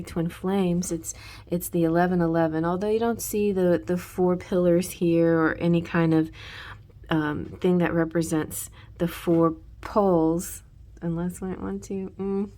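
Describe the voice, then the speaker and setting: A woman's voice: on the low side, darkish tone. A woman giving a casual tarot reading in a rambling way, full of restarts and "you know". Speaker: tarot reader.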